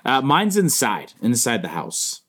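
A man's voice: mid-range voice, huge pitch swings, a little slow, a bit bright. A man co-hosting a podcast, teasing and sarcastic, swearing freely in casual banter. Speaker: podcast co-host.

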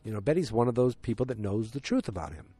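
A man's voice: medium pitch, big pitch swings, fast, dark tone, breathy edge, no room sound. A man casually recapping a TV episode, rambling with many fillers and restarts, and speeding up at the tense parts. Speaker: TV show recapper.

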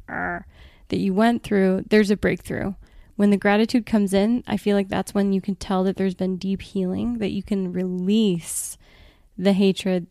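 A woman speaks as a podcast guest in an earnest, reflective way. Her voice sits at a middle pitch. The sound is dry and close. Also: mellow, dry recording. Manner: earnest, reflective, laughs often. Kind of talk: reflective casual chat.

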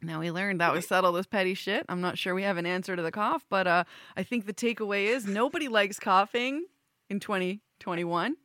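Bright-voiced woman hosting a chat show. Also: medium pitch, brisk, no room sound, studio quality. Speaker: podcast host. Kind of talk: casual panel chat.

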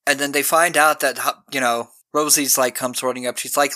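A man's voice: medium pitch, fairly even intonation, a little fast, hardly any pauses, bright, forceful tone, no room sound. A young man co-hosting a podcast, retelling a film's plot in casual chat and acting out the characters' lines. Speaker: podcast co-host. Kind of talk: casual movie recap chat.

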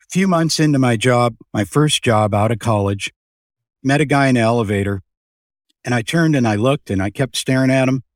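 Animated older man telling stories. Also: medium pitch, moderate pace, no echo, clean studio sound. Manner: animated storyteller, acts out voices in anecdotes. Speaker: podcast guest, business founder. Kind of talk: casual storytelling interview.

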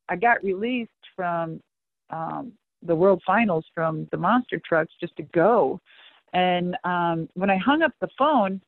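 Middle-aged woman, animated storyteller who swears freely and acts out dialogue, on a thin, dry phone-quality line. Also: lowish voice, dry recording. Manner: animated and profane, acting out both sides of conversations. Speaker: interview guest, monster truck driver. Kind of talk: casual storytelling in an interview.

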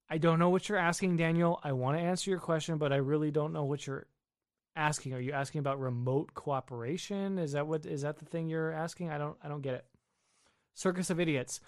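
A man's voice: on the high side, no echo. Dry-sounding man hosting a casual livestream. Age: adult with wife and children. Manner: reads viewer questions aloud, then answers offhandedly. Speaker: livestream host answering chat. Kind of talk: casual live-stream chat. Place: home basement.

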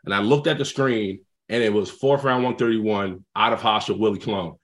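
A man, a former football player and guest, telling a story in a casual, animated way, swearing freely. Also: fairly low pitch, a little fast.

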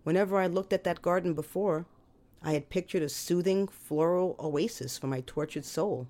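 A woman telling a first-person story in a wry, expressive way with dramatic emphasis. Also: lowish voice, normal speed.

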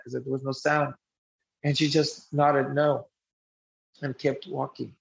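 A man's voice: mid-range voice, flat delivery, moderate pace, gravelly. A man telling a personal story in an earnest, reflective way, often restarting his sentences. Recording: muffled lo-fi recording.

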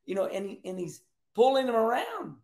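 A man hosting a show, giving emphatic, animated race commentary and repeating points for effect. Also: very high voice, moderate pace, echoey room. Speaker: host.

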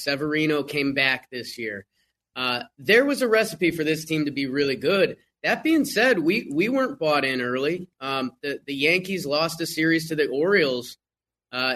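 A man talking baseball in a casual podcast chat, animated and full of quick restarts. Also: on the high side. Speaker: podcast guest.

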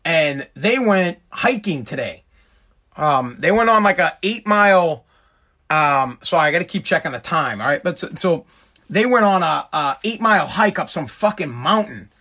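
A man's voice: a little high, lively intonation, moderate pace, pushed and bright. A man in his thirties hosting his own podcast, ranting in a profane, exasperated and rambling way. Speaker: podcast host. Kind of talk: solo podcast rant.

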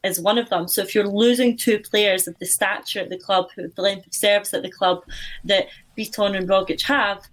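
A woman's voice: medium pitch, steady tone, moderate pace. A woman on a football podcast panel, weighing her views thoughtfully and often saying "you know". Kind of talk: casual discussion.

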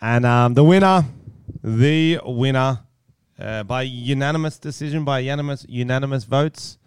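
A man's voice: mid-range voice, normal speed, darkish tone, smooth, dry recording, clean studio sound. A man co-hosting a casual podcast, laughing often as he talks. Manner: giggly, laughs often at his own jokes. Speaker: podcast co-host.

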